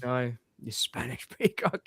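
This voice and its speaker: A man's voice: mid-range voice, lively intonation, a little slow, fairly bright tone, husky. A man co-hosting a casual film chat, talking enthusiastically and rambling with frequent laughter. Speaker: co-host.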